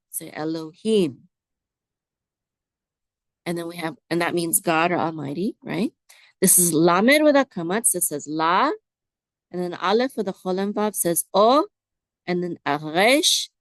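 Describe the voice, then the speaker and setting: A woman teaching biblical Hebrew word by word, slowly sounding out letters and asking listeners to repeat after her. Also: lowish voice, lively intonation, no echo. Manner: slow, drawn-out repetition, prompting listeners to say words back. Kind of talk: slow, patient word-by-word Hebrew lesson.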